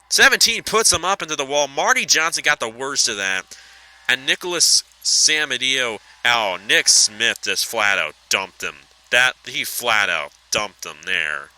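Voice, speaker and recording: A man calling a sim racing event with excitable play-by-play, his voice climbing high in tense moments, then chatting through the replays. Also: a little slow, low-quality recording. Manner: excitable, pitch shooting up at close racing. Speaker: race commentator.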